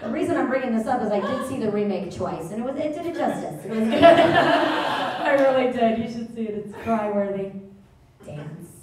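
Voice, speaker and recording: Woman stand-up, raised-pitch voice, brash and foul-mouthed, echoey theater sound. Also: sing-song, normal speed, a little mellow. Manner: brash, profane storytelling. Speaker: stand-up comedian. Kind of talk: stand-up comedy set. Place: live comedy theater stage. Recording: echoey theater, mic at a distance.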